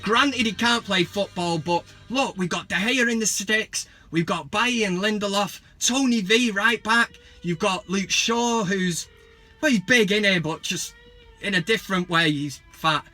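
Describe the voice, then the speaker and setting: A man's voice: high-pitched, measured pace, soft background music. A man, ranting about football in a sarcastic, sweary, comic way. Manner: sweary, sarcastic, bursts of mock excitement. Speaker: football vlogger. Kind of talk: casual comic rant.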